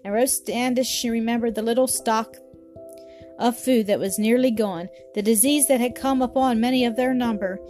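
A woman reading a storybook aloud in a calm, even way. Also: a little high, normal speed. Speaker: narrator. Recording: faint music behind.

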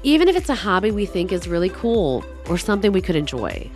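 A woman hosts a podcast, upbeat and enthusiastic as she introduces the show and interviews a guest. Her mid-range voice is very animated and fast with a darkish tone, and faint music plays behind her.

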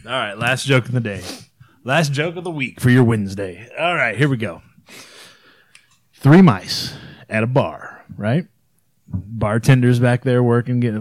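A man's voice: medium pitch, expressive, normal speed, no echo. A man hosting a podcast in casual chat, laid-back, with lots of "all right" and "you know". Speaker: podcast host.

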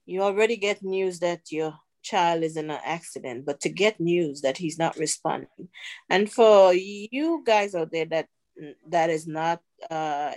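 A middle-aged woman sharing a personal testimony as a podcast guest, earnest and unhurried with pauses. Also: low-pitched, darkish tone. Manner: earnest, slow storytelling with pauses.

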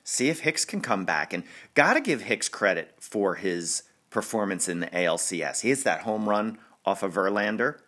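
Chatty New man, bright voice. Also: lowish voice, very animated. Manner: rambling, chatty, laughs often, quick restarts. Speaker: podcast host. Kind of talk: casual sports podcast chat.

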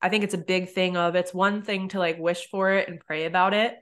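A woman hosting a podcast, telling stories in a casual, animated way with lots of "like". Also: lowish voice, fairly quick. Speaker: podcast host. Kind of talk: casual interview chat.

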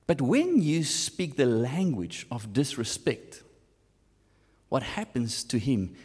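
A man with a South African accent preaching a sermon, animated and switching between English and Afrikaans. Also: mid-range voice, takes it slowly, slightly rough, in a large hall. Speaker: pastor.

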